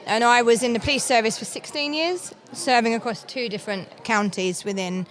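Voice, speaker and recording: A middle-aged English woman with a London accent, talking as an interview guest, friendly and quick to laugh. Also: a little high, fairly bright tone. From England. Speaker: guest, founder of a police dyslexia network. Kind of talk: conversational interview. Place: conference floor.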